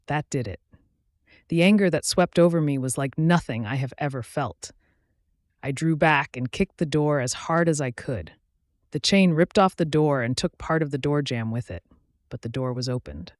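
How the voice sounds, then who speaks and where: A man's voice: fairly high pitch, moderate pace, no room sound, clean studio sound. A man reading a first-person relationship story aloud in a plain storytelling manner. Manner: plain storytelling with mild censored swearing. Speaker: narrator.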